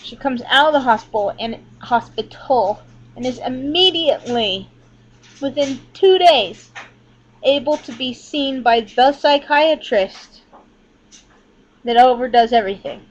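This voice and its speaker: A woman's voice: sits high, animated, a little slow. A woman talking casually into her laptop at home, rambling candidly and swearing often. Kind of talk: casual webcam vlog. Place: indoors at home, leaning back from laptop. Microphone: laptop built-in mic. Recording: dull lo-fi laptop audio.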